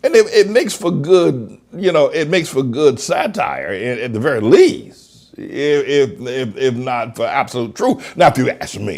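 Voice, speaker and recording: A man preaching with a gravelly edge in his voice. His pitch rises and falls widely as he leans hard on words he wants to stress. He circles back over phrases while he builds his point. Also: sing-song, darkish tone. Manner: emphatic preaching, drawn-out stressed words, repeats himself. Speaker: pastor. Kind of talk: sermon broadcast.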